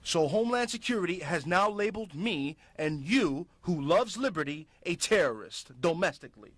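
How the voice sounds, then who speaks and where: A man's voice: sits high, lively intonation, moderate pace, a bit bright. A man hosting a public access show, delivering impassioned political commentary in a fiery, ranting, emphatic way.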